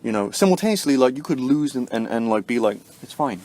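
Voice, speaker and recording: A man vlogging about spirituality in a casual, rambling way, tagging "right?" onto his points and jumping up in pitch for emphasis. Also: expressive, fast talker. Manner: rambling, heavy use of fillers like "like" and "right?"; swings sharply up in pitch and loudness to stress points. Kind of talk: casual spoken explanation to camera.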